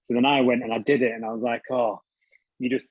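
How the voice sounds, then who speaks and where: A man's voice: medium pitch, level tone, racing, breathy edge, no echo, dull audio. A British man telling stories as an interview guest, casually, swearing freely and laughing at himself. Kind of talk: casual storytelling.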